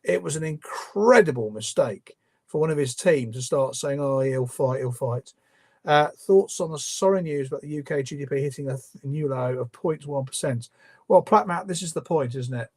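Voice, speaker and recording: A man's voice: fairly high pitch, normal speed, a little mellow. Opinionated man hosting a live Q&A. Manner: opinionated, conversational, frequent ums and restarts. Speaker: livestream host. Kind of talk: live Q&A commentary.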